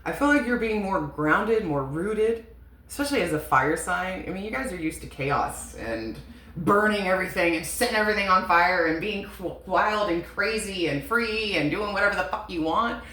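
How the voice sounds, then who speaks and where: A woman's voice: medium pitch, animated, normal speed, a bit bright. A woman giving a casual tarot reading, chatty and emotional, swearing and laughing often. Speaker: tarot reader. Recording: echoey room with faint noise.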